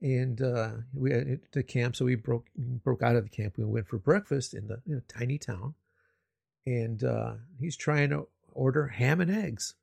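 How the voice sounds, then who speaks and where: A man's voice: mid-range voice, normal speed, vocal fry, a little mellow, no echo. A man chatting casually, telling a rambling anecdote with restarts and chuckles. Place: living in Japan.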